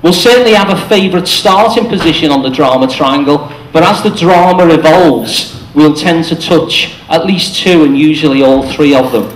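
A man's voice: on the high side, normal speed, few pauses. A man giving a short, chatty talk to an audience in a cafe, explaining ideas and acting out quoted lines. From England. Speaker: speaker. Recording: echoey room.

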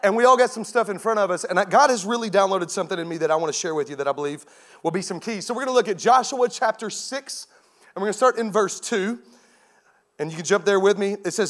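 Man in his thirties, guest pastor, high voice, energetic storytelling sermon. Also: fast talker.

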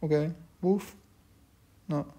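Still puzzled and poking fun at himself, the man keeps talking to the game's dogs in casual commentary. Here his pitch is fairly high, his tone steady and his pace slow, with loud noise behind him.

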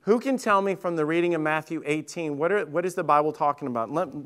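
A man with a fairly high voice preaches a sermon in a church. He talks in a conversational way, often restarting his sentences and asking the congregation questions. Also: quick pace, a bit bright, clean tone. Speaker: pastor. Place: church sanctuary.

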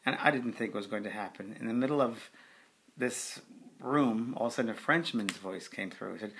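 A middle-aged man, a spiritual medium, recounting a memory in a relaxed conversational way with frequent fillers. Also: fairly low pitch, fairly quick. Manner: conversational, with fillers, acting out quoted voices. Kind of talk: video testimonial storytelling.

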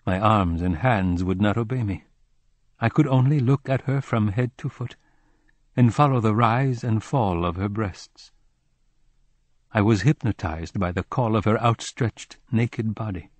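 A man narrating a literary audiobook in a measured, somber first-person reading. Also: on the low side, a little mellow, no echo.

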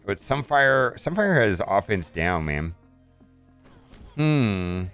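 A man's voice: on the low side, very animated, slow, a bit bright, clean tone, faint music behind. A man casually commenting on his mobile game as he plays, thinking aloud and restarting his sentences often.

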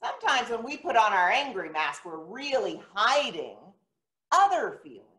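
A woman giving a children's sermon in a church, retelling a story gently and asking the children questions. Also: fairly high pitch, huge pitch swings, normal speed. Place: church sanctuary. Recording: echoey church room.

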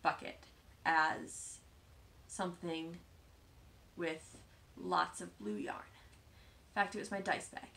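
A woman hosting a knitting podcast, chatting casually as she shows her projects, self-deprecating and often dropping into soft asides. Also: fairly low pitch, slight background noise. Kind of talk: casual show-and-tell chat.

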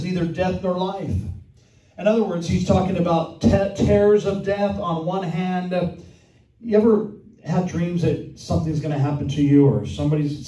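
An older man preaching a sermon as pastor, earnestly reading scripture and commentary aloud and slowing down for emphasis. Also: a little high, dark tone. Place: church sanctuary. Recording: echoey room, mic from far off.

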